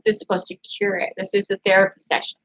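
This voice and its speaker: A woman hosting a casual livestream, chatting and reading viewer comments aloud. She rambles excitably, restarting her sentences often. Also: mid-range voice, quick pace, poor audio. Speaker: YouTube channel host.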